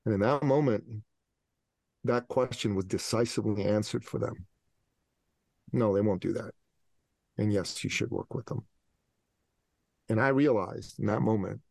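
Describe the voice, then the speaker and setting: A man in his forties from the Middle East, a podcast guest and business coach telling an animated, dramatic story. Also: fairly low pitch, unhurried, vocal fry, pauses often, husky, dry recording. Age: 40s. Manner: dramatic, acts out scenes with voices.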